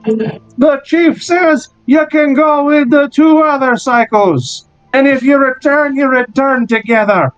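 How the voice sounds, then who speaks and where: A man's voice: very high voice, takes it slowly, no echo, dull audio, soft background music, pitched above the performer's own voice. A man voicing a crude, mocking male town guard in a tabletop game, speaking in a coarse, jeering way. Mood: gruff.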